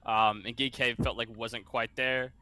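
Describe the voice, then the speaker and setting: A man, a professional player, out of breath in a post-match interview, talking fast with lots of fillers. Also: medium pitch, level tone, sharp tone, dry recording. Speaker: pro player.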